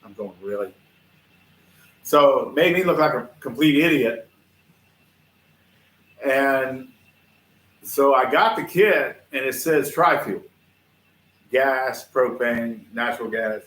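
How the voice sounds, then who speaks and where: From his workshop, the host of a livestream shop show tells rambling stories straight to his viewers in a chatty, folksy way. His mid-range voice is fairly bright and unhurried, with long pauses, and the room is reverberant.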